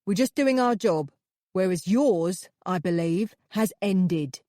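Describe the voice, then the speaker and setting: A detached, patronizing male police officer, read by a woman narrator, delivers clipped, matter-of-fact lines. Her voice is lowish and mellow, and the recording is dry and close. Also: lively intonation, slow, no room sound.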